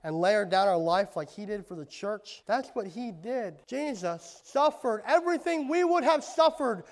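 A man preaching a sermon to a congregation, moving between quiet and impassioned, loud passages. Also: sits high, expressive, normal speed, big-room sound. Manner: impassioned, swings from soft to loud. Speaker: pastor. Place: church sanctuary.

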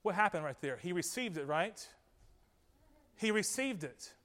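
Male preacher, high voice, coaxing sermon delivery, long hall reverb. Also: expressive, measured pace, fairly bright tone. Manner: earnest, coaxing, frequent "okay?" and "right?". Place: church platform.

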